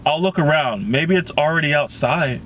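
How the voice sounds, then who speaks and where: A man reading the lines of a gentle boy trapped in a hawk's body, in a low, subdued way. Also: moderate pace, slight background noise, close to an everyday voice.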